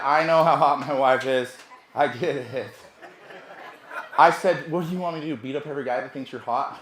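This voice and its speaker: A man, a sales trainer, telling a brash, profane story at a seminar, swinging from hushed asides to loud bursts. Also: fairly high pitch, echoey room, a little hiss or hum.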